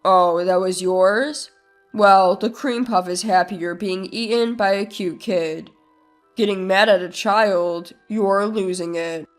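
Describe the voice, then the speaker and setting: A woman's voice: mid-range voice, slow pace, soft background music, pitched below the performer's own voice, lightly acted. A woman voicing a smug, entitled grown brother who talks down dismissively. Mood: mocking.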